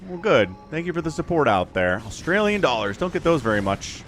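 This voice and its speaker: A man giving live game commentary as a streamer, chatty and excitable, laughing often and talking to his chat. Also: a little high, a little fast, faint music behind. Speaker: esports caster and streamer.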